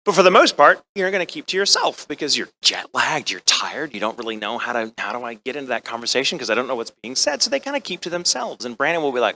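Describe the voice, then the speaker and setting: A man's voice: medium pitch, quick pace, few pauses. An American man telling a comic story at a convention panel, acting out the voices of the people in it. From United States. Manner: animated, comic, acts out voices. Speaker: convention guest actor.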